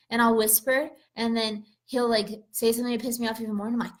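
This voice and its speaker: Woman, young adult, casual podcast chat, animated, laughs often, swears, slightly high voice. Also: brisk. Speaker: podcast co-host.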